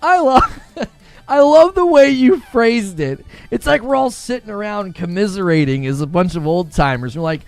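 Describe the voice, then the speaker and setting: A man hosting a casual gaming livestream, animated and laughing often as he reads and answers chat. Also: high-pitched, normal speed, faint music behind.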